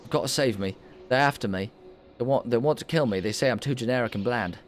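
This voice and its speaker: A man's voice: mid-range voice, quick pace, slight background noise, lightly acted. A man doing a mock impression of a panicked pop singer, stammering and begging to be saved. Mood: panicky. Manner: frantic, stammering pleas.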